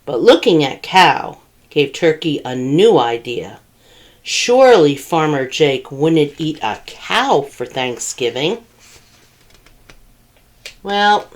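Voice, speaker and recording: A woman librarian reading picture books aloud at a children's storytime, asking the children questions. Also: sits low. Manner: animated, asks children questions.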